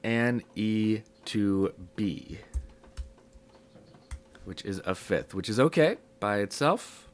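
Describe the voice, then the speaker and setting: A man teaching music theory in a relaxed, step-by-step way, his voice low and rough from a cold, with many ums. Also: takes it slowly, pauses often. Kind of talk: casual spoken lesson.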